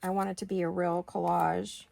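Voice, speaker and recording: Gravelly chatty woman crafting. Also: lowish voice, flat delivery, moderate pace, a little mellow, no echo. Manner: chatty, talks to herself while working. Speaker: craft video host. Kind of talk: casual crafting chat.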